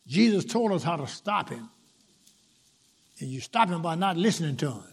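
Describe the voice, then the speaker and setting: Man, preacher, high voice, emphatic sermon, repeated rhythmic phrases, loud then hushed. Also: sing-song, moderate pace, breathy edge. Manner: emphatic, swinging between loud lines and hushed asides.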